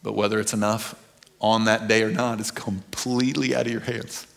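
With a lowish, creaky voice at normal speed, a pastor preaches his sermon earnestly and with animation, shifting from loud excitement to quiet intensity.

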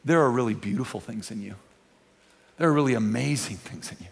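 A man preaching a sermon in a church, talking conversationally with repeats and restarts, dropping to hushed tones and rising to loud emphatic peaks. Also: medium pitch, a little fast, creaky. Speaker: pastor. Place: church sanctuary.

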